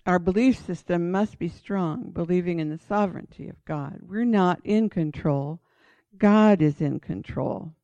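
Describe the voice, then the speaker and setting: A woman's voice: on the low side, measured pace, warm tone, no room sound. A woman teaching from the Bible in a sermon style, reading passages aloud and urging listeners on with earnest emphasis. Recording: dull lo-fi dry recording.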